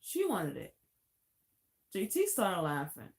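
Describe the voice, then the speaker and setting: A woman's voice: fairly low pitch, wildly swooping pitch, slow pace, gravelly, darkish tone. A woman live-stream host casually telling a long anecdote, chatty and laughing easily. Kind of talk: casual storytelling.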